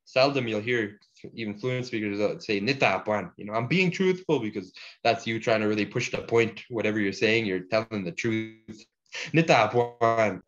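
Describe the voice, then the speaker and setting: A man teaching a relaxed language lesson, slowing down to drill words and using casual fillers. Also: fairly low pitch. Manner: slow deliberate pronunciation drills, casual fillers. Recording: dull lo-fi sound.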